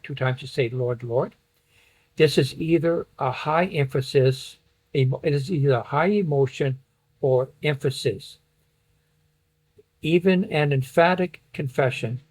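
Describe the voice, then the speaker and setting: A man's voice: mid-range voice, a little mellow, slightly rough, rough recording. A man teaching a Bible study lesson from slides, explaining a passage point by point and reading it aloud.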